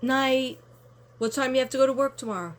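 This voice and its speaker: A woman's voice: high voice, fairly quick. A woman card reader chatting casually to camera, rambling through a story and talking to her viewers directly.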